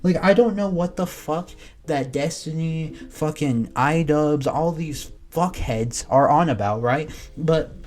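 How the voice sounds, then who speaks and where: A young man doing reaction commentary as an online creator, swearing freely and swinging between muttering asides and loud exasperated outbursts. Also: fairly high pitch, takes it slowly. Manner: profane, exasperated, swings from mumbling to yelling.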